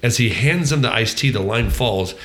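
A man's voice: medium pitch, expressive, normal speed, fairly bright tone, echoey room. A man co-hosting a casual movie review podcast, rambling with frequent ums, restarts and swearing. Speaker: podcast co-host.

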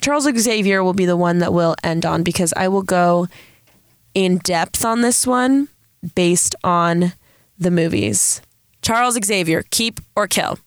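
A woman's voice: lowish voice, measured pace, clean tone, no echo, studio quality. A young woman from San Diego hosting a casual solo podcast, with a Valley girl-sounding voice, rambling and self-deprecating. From San Diego, California. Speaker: podcast host.

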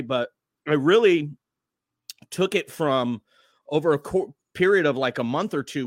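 A radio host in a relaxed podcast chat, a man with a slightly raised voice who rambles through his stories. The sound is dry and close, with no room around it. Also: on the high side, no room sound. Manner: loose, rambling, animated storytelling. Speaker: morning radio host, guest.

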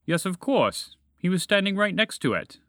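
A man voicing a calm, matter-of-fact orange dragon with a gentle, shrugging manner in a storybook reading. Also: high voice, moderate pace, no room sound, clean studio sound, voice pushed up, heavily acted.

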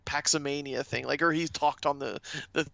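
A man's voice: on the high side, fairly even intonation, moderate pace, vocal fry, bright, forceful tone, no echo. A man co-hosting a casual podcast, rambling enthusiastically and swearing casually. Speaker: podcast co-host. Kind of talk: casual chat.

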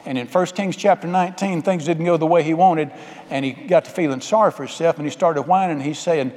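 A man's voice: on the high side, fast talker, a little mellow. A man preaching a folksy, emphatic sermon, calling out to the congregation for amens. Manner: call-and-response, folksy and emphatic. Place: church sanctuary. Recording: long hall reverb.

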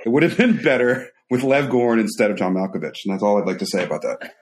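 A man's voice: on the low side, quick pace, darkish tone. A man guesting on a podcast, telling anecdotes in a casual, profane, emphatic way. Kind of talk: casual chat, storytelling.

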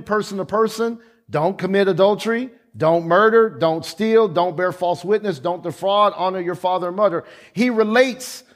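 A man preaching a sermon, slow and emphatic, with repeated lines and dramatic pauses. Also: sits high.

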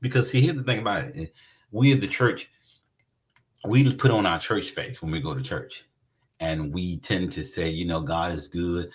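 A man's voice: low-pitched, normal speed. A man preaching a conversational sermon, emphatic and repeating his phrases for weight.

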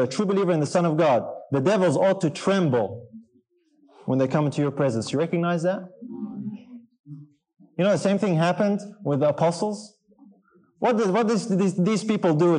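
A man's voice: a little high, dark tone, rough recording. A man preaching a sermon to a congregation in an earnest, emphatic way, often putting questions to his listeners.

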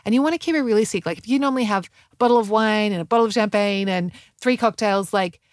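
A woman's voice: medium pitch, quick pace, dry recording, clean studio sound. A middle-aged woman hosting a podcast as a health coach, talking in a chatty, rambling way with lots of fillers and self-corrections. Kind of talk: casual podcast chat.

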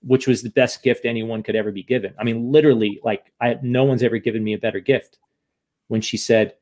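An American author, appearing as an interview guest, talks frankly and with emotion, swearing now and then and often restarting sentences. His medium-pitched voice is steady, a little fast, and a little mellow.

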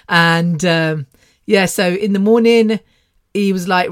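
A woman's voice: lowish voice, takes it slowly. A middle-aged British woman hosting her podcast, telling a personal story in a rambling, chatty way and laughing often. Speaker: podcast host. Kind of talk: casual personal monologue.

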